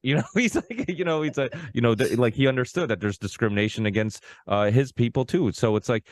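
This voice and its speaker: A man's voice: medium pitch, animated, brisk, few pauses, no room sound. A man hosting a podcast, talking in a rambling, casual way with many restarts and asides. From Portuguese background. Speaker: podcast host. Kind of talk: casual conversation.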